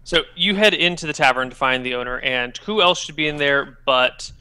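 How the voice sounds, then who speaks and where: A man running a tabletop game as game master, setting scenes and prompting players in a relaxed way. His voice is very bright and smooth, pitched a little high. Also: moderate pace, no room sound.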